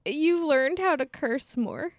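A woman's voice: sits high, no echo, clean studio sound. A woman co-hosting a podcast in casual chat, joking and laughing easily with her co-host. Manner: animated, quick to joke and laugh.

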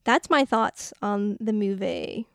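A woman's voice: medium pitch, takes it slowly, fairly bright tone, dry recording, clean studio sound. A woman co-hosting a podcast, recapping a movie in casual chat and doing playful voices for the characters. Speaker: podcast co-host.

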